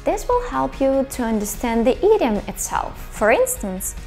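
A young woman whose first language is Ukrainian or Russian, explaining English in a clear video lesson. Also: sits high, big pitch swings, moderate pace, a little mellow, faint music behind. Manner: clear, explanatory, with stressed example phrases. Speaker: English teacher.

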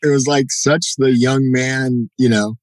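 Animated male storyteller, lots of "right?". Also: medium pitch, a little slow, no room sound, poor audio. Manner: animated, acts out quoted dialogue, frequent "you know" and "right?". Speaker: podcast guest, jiu-jitsu black belt. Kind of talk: casual storytelling interview.

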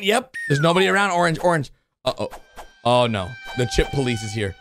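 A man hosting a video channel, giving excited play-by-play commentary on cartoons and breaking into sudden high-pitched shouts. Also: fairly quick, noisy background. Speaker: YouTube host reacting to cartoons. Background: background music.

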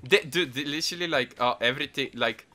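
A young man giving casual gaming commentary, excitable and quick to swear in frustration. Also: mid-range voice. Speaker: gaming channel host.

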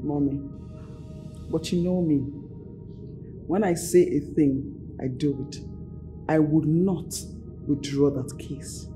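A defiant daughter with a Nigerian accent. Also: female voice, sits low, slow pace, pauses often, music in the background. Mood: firm. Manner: firm, needling, insistent. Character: defiant young woman, daughter suing her brother. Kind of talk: Nollywood film drama.

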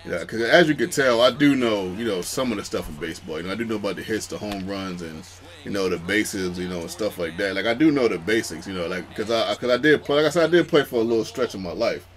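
A young man hosting a gaming channel, chatting in a calm, rambling way with many fillers during gameplay commentary. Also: fairly low pitch, fast.

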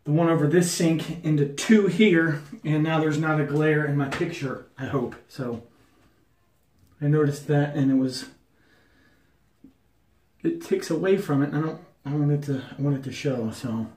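A man's voice: a little high, moderate pace, darkish tone. An American man chatting casually to camera about wet shaving, with a jokey, rambling manner full of fillers. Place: bathroom at the sink. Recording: echoey bathroom.

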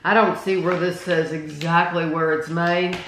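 A woman's voice: on the low side, flat delivery, measured pace, fairly bright tone. A woman hosting a casual snack taste-test video, chatty and enthusiastic, reading out package labels. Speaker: host. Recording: echoey room with faint noise.

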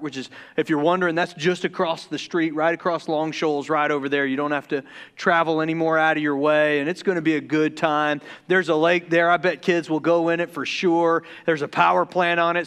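A man from the Deep South preaching a casual, joking sermon as pastor, who stumbles over his words when excited. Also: smooth. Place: church sanctuary.

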